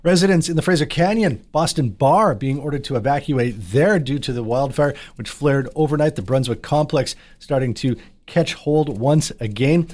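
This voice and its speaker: A man anchoring a local radio newscast from Canada, in a brisk, measured news delivery. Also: on the high side, darkish tone.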